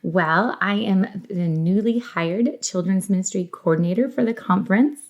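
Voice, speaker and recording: A woman with a Northern US accent talks as a podcast guest in a plain, middle-pitched voice. She is chatty and upbeat, and she breaks into easy laughs. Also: normal speed, lo-fi sound. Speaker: podcast guest, children's ministry coordinator. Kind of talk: casual conversational interview.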